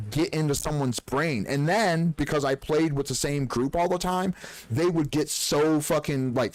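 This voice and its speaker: A man streaming live, telling gaming stories in an animated, profane way and acting out the dialogue. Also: mid-range voice, dry recording. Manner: animated storyteller, swears freely, acts out dialogue. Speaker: game streamer. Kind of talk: casual live-stream chat.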